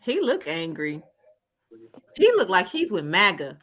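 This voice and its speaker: Animated laughing woman on a family call. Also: on the low side, a little slow. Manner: laughs often, animated and chatty. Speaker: podcast host on a family video call. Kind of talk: casual family chat. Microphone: video call.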